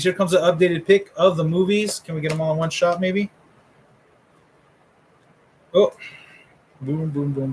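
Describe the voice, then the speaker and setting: Brief: middle-aged male host, casual trash-talking commentary, a touch high. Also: slight background noise, low-quality recording. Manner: joking, rambling trash talk. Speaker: host revealing a fantasy draft order.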